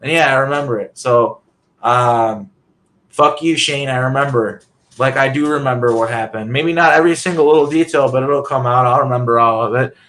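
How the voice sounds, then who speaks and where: A man's voice: medium pitch, fairly bright tone. A man, a guest on a talk show, ranting angrily in a rambling way, swearing and filling his talk with "like". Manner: agitated, profane, repeats "like". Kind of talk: rambling personal rant.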